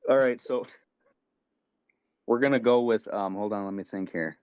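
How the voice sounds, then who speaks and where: A man's voice: fairly low pitch, moderate pace, a little mellow, smooth, dry recording, highs cut off. A man co-hosting a podcast, telling a rambling, profane story in casual chat. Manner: rambling storytelling, swears a lot. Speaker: podcast co-host.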